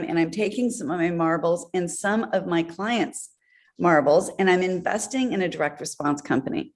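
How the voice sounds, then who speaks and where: A woman guest on an interview show, telling business stories in an animated way with laughs along the way. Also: on the low side. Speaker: guest, entrepreneur. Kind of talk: conversational storytelling.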